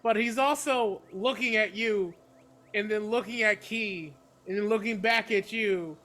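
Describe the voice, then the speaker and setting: Male player, high bright voice, rambling describer. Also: unhurried. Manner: rambling, full of fillers and self-corrections. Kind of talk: describing a character in a tabletop game.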